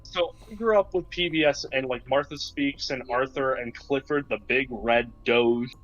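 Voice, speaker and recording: A man's voice: mid-range voice, normal speed, a bit bright, lo-fi sound. A young man chatting casually with friends on a stream, recalling things he watched growing up. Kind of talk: casual chat.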